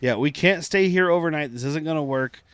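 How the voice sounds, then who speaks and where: A man's voice: a little high, fairly quick, fairly bright tone, clean tone, no echo. A man co-hosting a podcast, recapping an episode in loose chat, laughing often and swearing casually. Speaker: podcast co-host.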